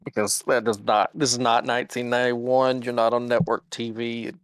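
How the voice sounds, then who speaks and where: A man's voice: mid-range voice, little pitch movement, moderate pace, smooth, dry recording, clean studio sound. A middle-aged man co-hosting a live-stream podcast, talking bluntly and sarcastically with plenty of profanity. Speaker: podcast co-host. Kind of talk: casual live-stream chat.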